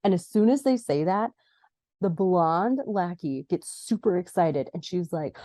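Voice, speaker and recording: A young woman with a low-pitched, mellow voice chats her way through a TV episode recap, jumping up into higher tones when she acts out the characters. The recording is close and dry, with no room sound. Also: expressive, measured pace, no echo. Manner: chatty, acts out quoted lines in a higher voice. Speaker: podcast host recapping a TV episode. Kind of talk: casual recap narration.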